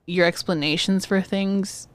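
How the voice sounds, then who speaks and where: A woman's voice: medium pitch, steady tone, a little slow, no echo. A woman co-hosting a podcast in casual chat, telling stories and mimicking people in drawled quotes, with some swearing. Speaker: podcast co-host.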